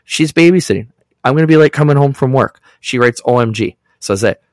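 A man's voice: mid-range voice, expressive, fairly quick, no echo. A middle-aged man co-hosting a podcast, telling stories and acting out text messages in casual chat. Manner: storytelling, acts out text exchanges. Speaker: podcast co-host.

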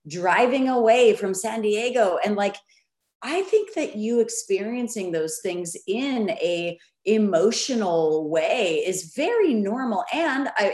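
A woman in a casual heartfelt chat, thoughtful and gently offering another view. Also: mid-range voice. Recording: roomy echo.

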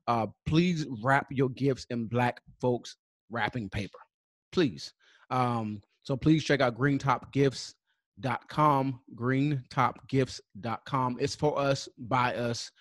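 A man co-hosting a podcast, giving casual sponsor shout-outs and spelling out web addresses slowly, with many fillers. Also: mid-range voice, no echo, studio quality. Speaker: podcast co-host.

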